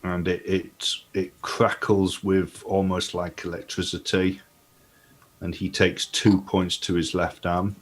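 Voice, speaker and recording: A man's voice: deep voice, little pitch movement, slow. A man playing a tabletop game, tentatively describing his character's spell. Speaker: player.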